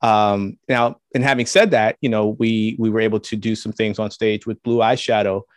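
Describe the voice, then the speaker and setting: Low-voiced man hosting, dry sound. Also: steady tone, no echo. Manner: measured questions with brief affirmations. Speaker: interview host. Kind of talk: casual interview conversation.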